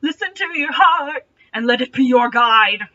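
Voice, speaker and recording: A woman's voice: high-pitched, animated, unhurried, bright, forceful tone, muffled recording, exaggerated voice. Woman playing a solemn, earnest male ranger. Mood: rousing. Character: wise, loyal male ranger, grave and earnest.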